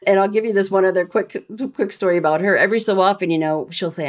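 A woman guest on a podcast interview, telling lively anecdotes and laughing often. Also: medium pitch, fast talker, hardly any pauses. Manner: animated storyteller, laughs often. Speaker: guest, retired rear admiral and speaker. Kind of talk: casual interview chat.

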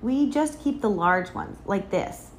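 A woman reading a storybook aloud and speaking as a calm, kindly father. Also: medium pitch, a little slow, a little hiss or hum, lightly acted. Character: patient, gentle father digging clams.

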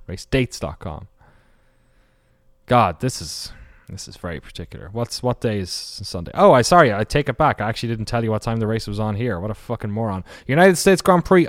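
A man talks through a solo podcast off the cuff, rambling and swearing and catching his own slips as he goes. His voice sits a little low. The sound is close and dry, with no room around it. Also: no room sound. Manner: rambling, off-the-cuff, swears, corrects himself often. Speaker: podcast host.

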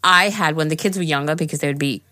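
A middle-aged woman co-hosting a podcast, chatting in a relaxed, rambling way. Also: low-pitched, rapid-fire, no echo, clean studio sound. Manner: relaxed, rambling, talks with mouth full. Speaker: podcast co-host. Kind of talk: casual chat.

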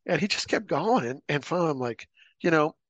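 A man's voice: a little high, a little fast, no room sound. A middle-aged man, a former paramilitary officer, telling war stories casually as a podcast guest and acting out the voices of people he quotes. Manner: animated anecdotes, acting out quoted voices, laughing. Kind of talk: casual storytelling interview.

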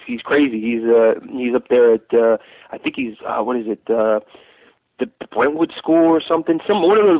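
A man's voice: mid-range voice, no echo. Man talking football over a tinny phone line. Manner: rambling, with many fillers and restarts. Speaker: football recruiting analyst. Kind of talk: casual podcast chat.

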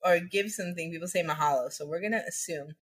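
A woman co-hosting a casual podcast, relaxed and giggly as she leads into the story. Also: fairly low pitch, fast talker, slightly rough. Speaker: podcast co-host. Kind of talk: casual chat, presenting a story.

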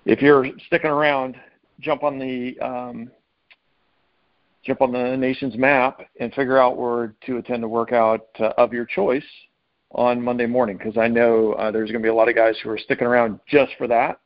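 A man's voice: medium pitch, little pitch movement, normal speed, no room sound, dull audio. A man hosting a podcast, chatting in an upbeat, conversational way. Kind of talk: casual podcast chat.

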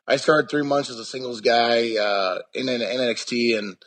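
A man's voice: mid-range voice, moderate pace, a bit bright. A young man chatting casually as an interview guest, rambling with lots of restarts and fillers.

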